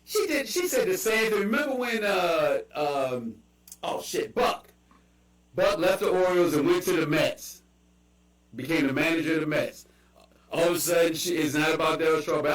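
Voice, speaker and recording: A man with a Baltimore accent hosting a casual chat, telling animated stories with quick asides. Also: a little high, far from the mic. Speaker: podcast host. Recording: echoey room, voice off mic.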